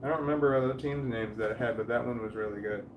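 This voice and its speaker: Talking fast in a medium-pitched voice, a man in his forties hosts a livestream from home and reads his chat aloud. He meanders, lets sentences trail away and swears casually. A distant mic makes the sound roomy, and there's faint background noise.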